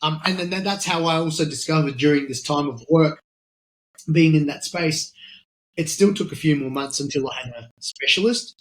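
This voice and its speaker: A man with an Australian accent, a podcast guest telling his story casually, animated, acting out quoted dialogue and often restarting his sentences. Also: on the high side, normal speed. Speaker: podcast guest, military veteran and charity founder.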